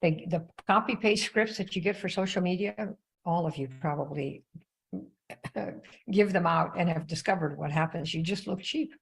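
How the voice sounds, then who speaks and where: An older woman coaching on network marketing in an animated, conversational live-stream talk. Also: lowish voice, moderate pace, gravelly, slightly rough, poor audio.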